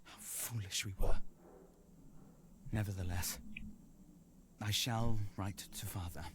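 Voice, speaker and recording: Weary young soldier, game voice-over, somewhat low, sober, tired. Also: male voice, steady tone, slow, a bit bright. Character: young soldier writing home to mother, weary. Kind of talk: game voice acting, letter read aloud.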